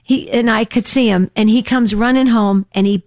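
A woman in her fifties co-hosting a talk show, telling an emotional story with lively voiced quotes. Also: on the high side, normal speed, no echo. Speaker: co-host.

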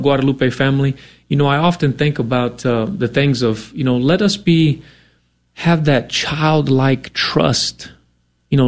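Earnest radio co-host man making an appeal. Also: fairly high pitch. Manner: earnest, conversational, many fillers.

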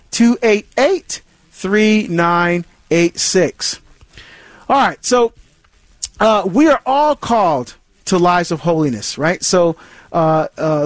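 A man's voice: sits high, dry recording. A man hosting a Catholic call-in radio show, talking earnestly about faith with many restarts and repetitions. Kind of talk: call-in radio talk on scripture.

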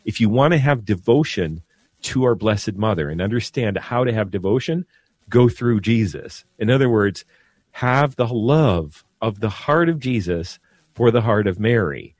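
A man with a low voice talks as a priest on a radio show, earnest and preacherly, repeating words as he goes. The sound is dry and close, with no room around it. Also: lively intonation, moderate pace, darkish tone, no echo. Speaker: Catholic priest guest. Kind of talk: radio talk and blessing.

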